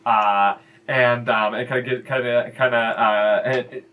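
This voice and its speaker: A man's voice: medium pitch, fairly even intonation, a little slow, bright, forceful tone, a little hiss or hum. A man narrating as game master of a tabletop game, rambling with many fillers and restarts.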